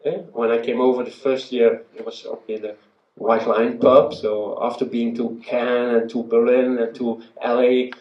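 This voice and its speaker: A man presenting an award at a ceremony, speaking haltingly with many filler pauses; recorded in an event venue from a distance. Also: medium pitch, level tone. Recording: roomy, distant, dull sound.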